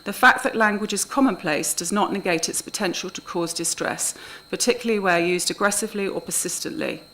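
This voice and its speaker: A woman officer giving a formal, measured presentation of a report at a council committee meeting in a council chamber. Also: mid-range voice, pushed and bright, low-quality recording. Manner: measured, precise, with small restarts.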